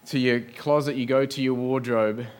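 A man's voice: mid-range voice, fairly even intonation, normal speed. Earnest man preaching a sermon. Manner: earnest preaching with rhetorical questions and lists. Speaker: pastor. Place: church building.

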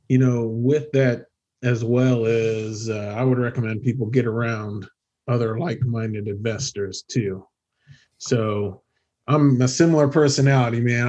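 A man hosting a podcast, talking in a relaxed, friendly, conversational way. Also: medium pitch, muffled recording. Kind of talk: casual chat.

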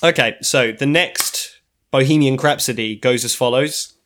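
A man's voice: mid-range voice, measured pace, a bit bright. A man co-hosting a casual comedy podcast, reading lines aloud and often breaking into laughter. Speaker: podcast co-host, game runner.

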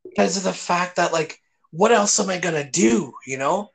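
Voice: medium pitch, normal speed, creaky. A podcast co-host talking in a casual chat, reflective and drawn out, swearing now and then.

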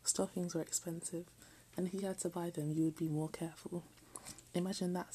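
A woman reading a text aloud in a soft, often half-whispered voice, breaking off for self-mocking jokes. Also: fairly low pitch, level tone, a little fast, a little hiss or hum, poor audio. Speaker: reader.

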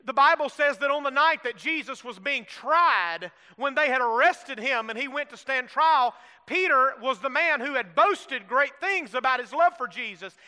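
Middle-aged guy preaching, smooth resonant voice, big echoey church sound. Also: extremely high pitch, lively intonation, normal speed, few pauses, sharp tone. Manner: preaching with call-and-response asides to the congregation. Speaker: pastor. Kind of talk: sermon. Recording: long hall reverb.

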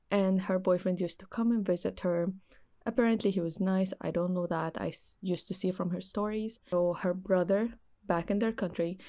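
A woman's voice: lowish voice, warm tone. A young woman earnestly recounting a friend's story in casual chat.

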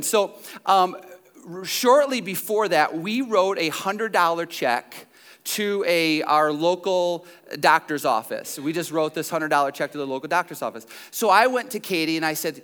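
A man's voice: on the high side, moderate pace, fairly bright tone, clear, resonant tone. A man preaching a sermon, telling a joking personal story and putting questions straight to his congregation. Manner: jokey storyteller who questions the congregation directly. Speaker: pastor.

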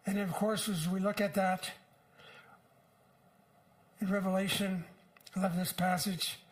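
An older man preaching a sermon in an earnest, unhurried way, with frequent pauses. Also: high voice, level tone, rough recording. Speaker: pastor.

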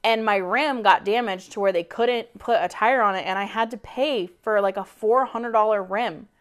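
A woman's voice: mid-range voice, normal speed. A woman co-hosting a podcast, telling a story in casual chat, exasperated, swearing freely and acting out quoted lines. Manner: animated, acts out quoted dialogue, swears freely; exasperated venting. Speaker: podcast co-host.

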